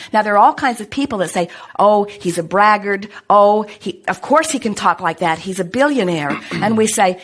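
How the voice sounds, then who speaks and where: A middle-aged woman giving a spiritual teaching talk to an audience, speaking calmly and emphatically of herself as "we". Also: on the high side. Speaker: inspirational speaker answering audience questions.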